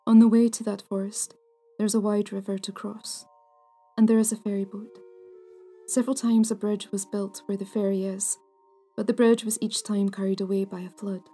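A woman hosting a folklore podcast, narrating a ghost story in a hushed, half-whispered, deliberate way. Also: medium pitch, level tone. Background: soft music.

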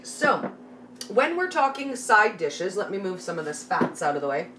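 A middle-aged Canadian woman hosts a live recipe tutorial from her home kitchen, chatting and greeting viewers by name. Her voice is fairly high and a bit bright, captured on a slightly distant mic with faint background noise.

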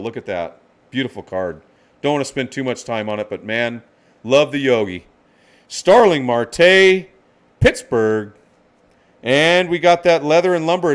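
A man hosting a live card-break stream, excitedly calling out each card and greeting viewers by name. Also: medium pitch.

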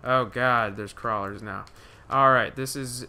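A man's voice: mid-range voice, steady tone, a little slow, sharp tone, smooth. A young man giving live gameplay commentary, rambling with many fillers and restarts, swearing when startled. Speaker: gaming commentator.

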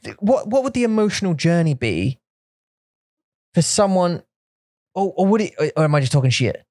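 A low, lively voice chats casually, teasing its co-host and rambling through ideas. The sound is dry and close on the mic, with faint music underneath. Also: female voice, normal speed, no room sound. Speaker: podcast co-host. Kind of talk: casual chat.

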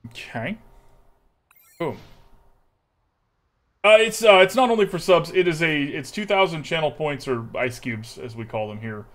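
Animated man in a put-on accent. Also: fairly high pitch, measured pace, pauses often. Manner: putting on an exaggerated put-on accent for viewers; chatty, talks to chat and to himself while planning moves. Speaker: streamer. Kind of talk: live card-game play commentary.

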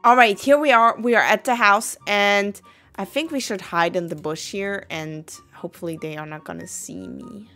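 A woman gaming YouTuber giving excitable, dramatic commentary on a role-play game. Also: medium pitch, moderate pace, faint music behind.

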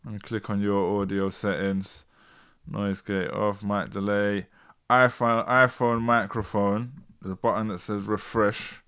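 A man's voice: on the low side, level tone, measured pace, clean tone. A man hosting a live stream, chatting casually and getting frustrated with tech glitches. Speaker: host.

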